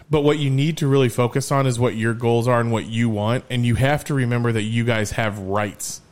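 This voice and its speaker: A man hosting a podcast, telling stories in a lively, casual way and swearing freely. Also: medium pitch, moderate pace. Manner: animated storyteller, swears freely. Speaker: podcast host.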